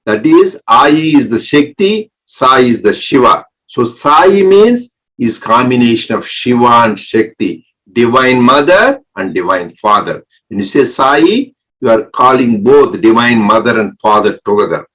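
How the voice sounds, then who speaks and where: A man giving a spiritual talk, explaining mantras slowly and breaking words into syllables, pausing often for an interpreter. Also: medium pitch, expressive, fairly bright tone, poor audio. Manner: breaks words into syllables, with many restarts and pauses. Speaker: spiritual speaker.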